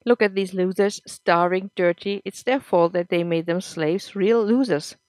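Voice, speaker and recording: A woman's voice: mid-range voice, a little slow, darkish tone, no room sound, close to an everyday voice. Woman reader doing a hard-edged young boy, defiant, light storybook take. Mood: scornful. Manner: defiant, then pleading. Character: sulky rude young boy.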